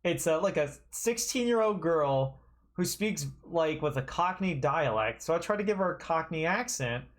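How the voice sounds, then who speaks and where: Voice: medium pitch, expressive, moderate pace. A streamer chatting casually while playing a game, rambling and correcting themself. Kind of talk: casual let's-play commentary.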